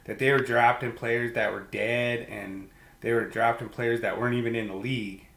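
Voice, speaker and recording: Laid-back co-host and quizmaster, casual delivery, echoey room sound. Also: male voice, mid-range voice, steady tone, gravelly, fairly bright tone. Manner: easygoing, fills pauses with "you know" and "uh". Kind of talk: casual sports chat. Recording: roomy echo.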